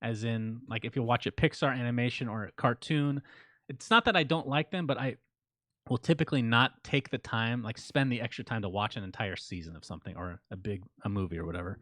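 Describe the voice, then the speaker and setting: A man co-hosting a casual podcast, ribbing his partner in a deadpan way and reading out listener shout-outs. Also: mid-range voice, no room sound. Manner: dry teasing, deadpan ribbing. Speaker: podcast co-host.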